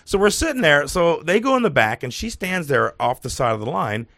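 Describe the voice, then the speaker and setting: A man's voice: a little high, big pitch swings, fairly quick, sharp tone, no echo, studio quality. A man in casual podcast chat, telling stories animatedly and swearing freely, acting out the people he quotes. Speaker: podcast co-host.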